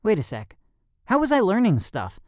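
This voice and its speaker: A man's voice: high-pitched, huge pitch swings, normal speed, a little mellow, dry recording, studio quality, pitched above the performer's own voice. A man voicing a cocky, wisecracking teenage boy in an audiobook. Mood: joking.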